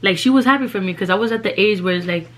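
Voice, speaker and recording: A woman's voice: mid-range voice, rapid-fire. A young woman, telling a personal story in a casual, slangy vlog and dropping in Spanish phrases.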